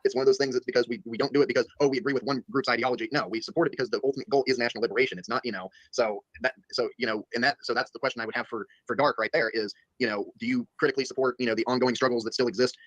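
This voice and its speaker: Fast-talking man, filler-heavy political rambler, dry close sound. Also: mid-range voice, fairly even intonation, fairly bright tone, no room sound, muffled recording. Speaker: stream co-host discussing politics. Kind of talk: casual political discussion.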